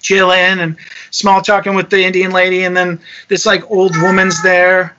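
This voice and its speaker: A young man casually telling a travel story, animated and swearing freely while acting out the quotes. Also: high voice, moderate pace, highs cut off, noisy background. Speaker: touring musician telling a story.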